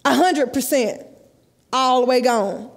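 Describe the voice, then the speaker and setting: A woman, telling a lively story in a sermon at a youth conference and acting out the dialogue. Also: sits high, slow. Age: 30s. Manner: lively, acts out dialogue, laughs often. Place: large church sanctuary, live. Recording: live church hall with long echo.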